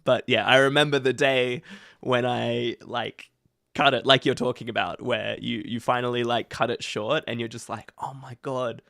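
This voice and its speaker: A man joining a live show as a guest over a video call, talking in a relaxed, friendly way with lots of fillers. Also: mid-range voice, normal speed, creaky, dry recording, studio quality. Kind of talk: casual chat.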